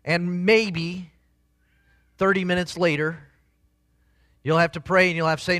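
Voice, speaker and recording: A man's voice: high voice, level tone, unhurried, long pauses, bright, forceful tone, dry recording, clean studio sound. A man preaching a sermon as a pastor, earnest and conversational, with emphatic swells.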